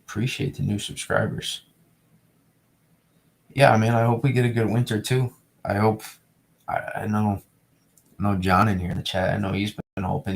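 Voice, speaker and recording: A young New England man runs a weather live stream, chatting casually with viewers while reading the chat, rambling and repeating himself. His voice is lowish and creaky.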